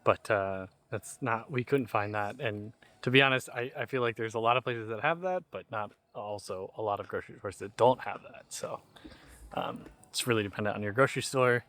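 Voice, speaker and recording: A young man, a travel vlogger, chatting casually and relaxed at a campsite, with laughs and restarts. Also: on the low side, brisk, dry recording. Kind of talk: casual chat.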